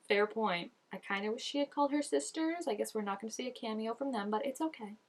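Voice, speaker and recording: A woman's voice: fairly high pitch, a little fast. Chatty young woman reacting to a show. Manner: chatty and emotional, talks back to the screen. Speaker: reaction video host. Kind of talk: casual reaction commentary.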